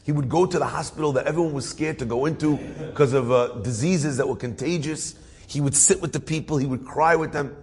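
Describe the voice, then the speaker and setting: A man telling a story in a lively sermon, with asides, acting out voices. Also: a little high, fairly quick, big-room sound. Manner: animated storyteller with asides and laughs.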